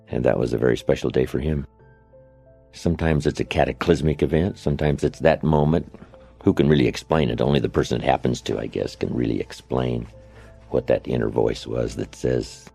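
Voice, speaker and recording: Very deep gravelly older male speaker. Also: a little fast, mellow, soft background music. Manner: anecdotal, conversational, with tag questions. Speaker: motivational speaker. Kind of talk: storytelling speech. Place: lecture setting, played from an archive recording.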